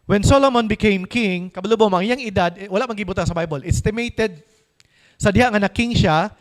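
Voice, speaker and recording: A pastor with a Filipino accent delivers a sermon in a notably high male voice. He is emphatic, keeps asking his congregation questions, and slows to a careful, deliberate pace when reading scripture. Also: rough recording.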